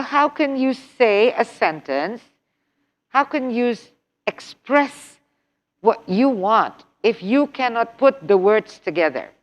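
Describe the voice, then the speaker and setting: Woman lecturing slowly on English skills. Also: medium pitch, muffled recording. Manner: animated, repeats and stresses key points with rhetorical questions; acts out example phrases with exaggerated intonation. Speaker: English test-prep instructor. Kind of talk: workshop lecture.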